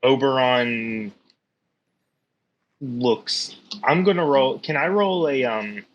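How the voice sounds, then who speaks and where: A man's voice: mid-range voice, slow pace, highs cut off. A man playing in a tabletop game, describing his character's actions in a casual way. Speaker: player.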